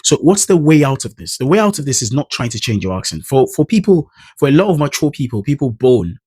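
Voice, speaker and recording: A man's voice: medium pitch, very animated, fast, darkish tone, slightly rough, dry recording. A man with a Nigerian accent, a native Idoma speaker, talking casually to camera as a pronunciation coach and trying out sample words as he explains. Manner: thoughtful, explains with spoken pronunciation examples.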